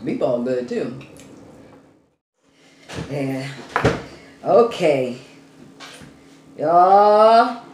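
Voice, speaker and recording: A woman hosting a home eating show, chatting slowly and casually to viewers between bites. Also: deep voice. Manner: slow, relaxed, murmuring between bites. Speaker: mukbang eating show host. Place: room at home. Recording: roomy echo, faint background hum.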